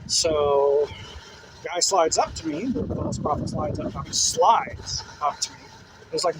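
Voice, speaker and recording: A man tells a dream in a loose, casual way, with plenty of "like" and "uh" fillers. His voice sits a little high for a man. Steady background noise and passing vehicles run behind him. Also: a little slow. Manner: rambling, full of "like" and "uh" fillers. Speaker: dream testimony teller. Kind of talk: casual first-person storytelling.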